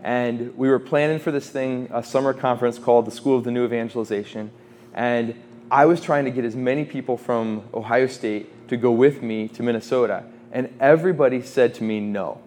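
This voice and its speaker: A man in his twenties giving an informal faith talk to students, conversational, with quick asides and quotes he acts out. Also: mid-range voice, steady tone, darkish tone, slight background noise. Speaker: campus ministry speaker.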